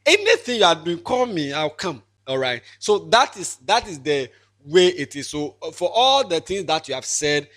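A man's voice: a little high, sing-song, moderate pace, a bit bright. A young Ghanaian man in his twenties preaches a farewell sermon to his congregation. He mixes emotion with jokes, repeating himself as he talks. His voice sits a little above the usual male range. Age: 20s. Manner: emotional, joking, repetitive, pulpit preaching. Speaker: pastor.

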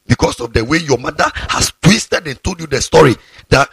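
A man's voice: fairly high pitch, moderate pace, creaky, fairly bright tone, husky, no room sound. A man, preaching a fiery, scolding sermon to students and often repeating himself. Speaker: pastor.

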